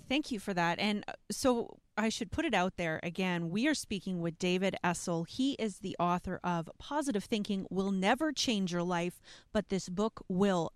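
A woman hosting an interview, asking measured, thoughtful questions. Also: mid-range voice, smooth, no room sound. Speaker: interviewer, host.

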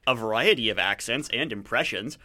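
Man, radio host, casual chat, jokey, rambling, bright sharp tone, studio. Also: mid-range voice, animated, brisk. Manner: rambling, jokey, self-mocking. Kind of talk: casual chat and book reviews.

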